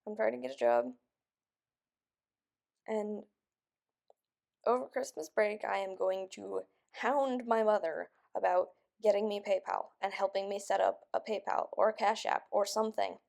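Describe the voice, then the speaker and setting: A woman's voice: medium pitch, unhurried, gravelly, darkish tone. A young woman venting in a rambling vlog, frustrated and stressed, sounding close to tears and just woken up. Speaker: vlogger.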